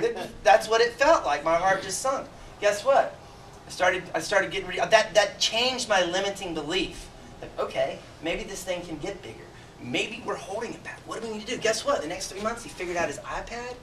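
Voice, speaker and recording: A man in his forties, a chiropractor giving an emotional, animated motivational talk to a seminar audience, asking them direct questions. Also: high voice, slight background noise. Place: seminar room. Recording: roomy sound from a distant mic.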